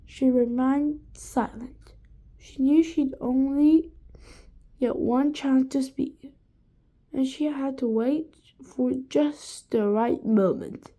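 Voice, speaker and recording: A woman reading a children's chapter book aloud, with slow, expressive storytelling. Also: sits high. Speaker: reader.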